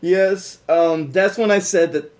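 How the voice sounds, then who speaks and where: A man with a somewhat raised voice trades sarcastic jokes on a podcast while recapping a film. He pauses often with ums but lands his punchlines dryly. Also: sits high, a little mellow. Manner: wry, sarcastic, hesitant with fillers. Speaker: podcast co-host. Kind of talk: casual movie review chat.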